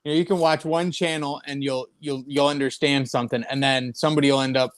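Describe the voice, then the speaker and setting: A man's voice: mid-range voice, steady tone, quick pace. An American man chatting as a guest on a casual livestream, laughing easily.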